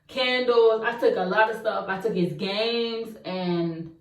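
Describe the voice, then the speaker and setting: A young woman vlogger telling a personal story to her viewers in a casual, slangy, animated way. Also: on the high side, takes it slowly. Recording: roomy echo, mic at a distance.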